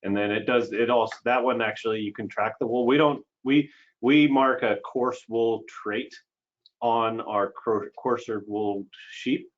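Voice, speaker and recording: A man on a sheep ranch panel talking in a relaxed, rambling way with plenty of fillers, heard over a video call. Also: medium pitch, measured pace. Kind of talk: casual panel talk. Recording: muffled video call audio.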